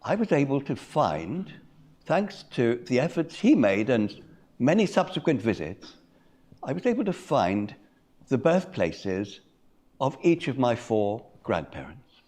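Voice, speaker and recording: An older man speaks in a measured, reflective way, pausing often as he recounts a personal story to a conference audience. His pitch rises and falls a lot, and his voice sits in a middle register. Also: big pitch swings, a little mellow. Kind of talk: personal story told in a talk.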